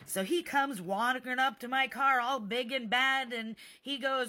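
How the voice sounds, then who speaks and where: Casting: young woman, bright tone, sarcastic storyteller, phone vlog. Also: high-pitched, moderate pace, hardly any pauses. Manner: animated, sarcastic, swearing freely. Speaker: parent telling a story.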